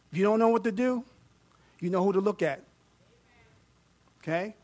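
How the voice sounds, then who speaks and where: A man preaching a sermon, reading scripture aloud with growing excitement, joking with and questioning his congregation. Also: high voice, normal speed. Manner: animated, rising to loud fervent reading; jokes with the congregation and asks them questions.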